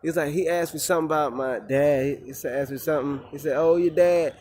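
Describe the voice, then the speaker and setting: A man's voice: a little high, steady tone, quick pace, slight background noise. A man in a rambling, profane casual monologue who often repeats himself and restarts. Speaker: vlogger.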